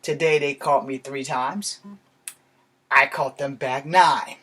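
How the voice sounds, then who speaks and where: A man from Virginia rants to his viewers in a loose, rambling monologue. He is blunt and swears freely, and his voice sits at an ordinary middle pitch for a man. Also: fairly even intonation, slow pace, pushed and bright. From Virginia, USA. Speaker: vlogger. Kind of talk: casual ranting monologue.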